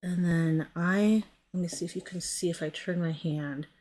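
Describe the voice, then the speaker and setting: A woman's voice: fairly low pitch, steady tone, moderate pace, a little mellow. A woman giving a casual, chatty nail tutorial, describing what her hands are doing and often stopping to correct herself. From United States. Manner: chatty, narrates her hands as she works; often trails off and self-corrects. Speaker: nail product stylist.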